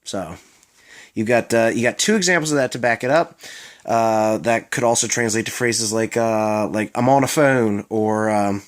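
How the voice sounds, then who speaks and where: A man's voice: fairly low pitch, moderate pace. A young man from Maryland with a Baltimore accent, chatting casually in a vlog, rambling with lots of fillers and self-mocking asides. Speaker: vlogger.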